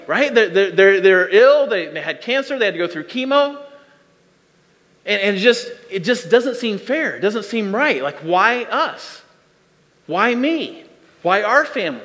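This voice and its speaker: A man's voice: very high voice, a bit bright, in a large hall. A man preaching a sermon as a pastor, earnest and repetitive, speaking straight to his listeners. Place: church auditorium.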